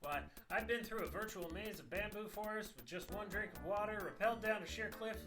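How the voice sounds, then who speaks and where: A man's voice: sits high, brisk, over music, lightly acted. A man voicing a boastful ladies' man in a game, rambling on about his adventures. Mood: bragging. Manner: bragging, rambling.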